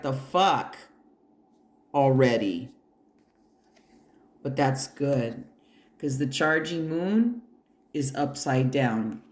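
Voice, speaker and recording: A tarot card reader giving a pick-a-pile reading. The reader talks bluntly and emphatically, swears freely and speaks straight to the listener with encouragement. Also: mid-range voice. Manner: encouraging, addresses the listener directly. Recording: roomy echo.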